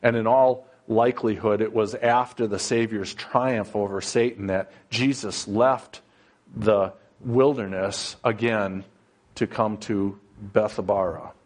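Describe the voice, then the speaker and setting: A man preaching a sermon in a slow, conversational style, often pausing on fillers and building to emphatic, rising passages. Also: on the low side, fairly even intonation. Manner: plain storytelling with frequent fillers.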